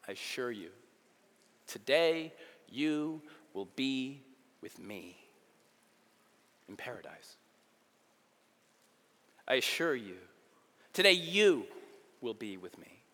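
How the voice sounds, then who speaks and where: A man voicing Jesus, speaking softly, slowly and solemnly. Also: mid-range voice, very animated, voice pushed down, full character voice. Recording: long hall reverb.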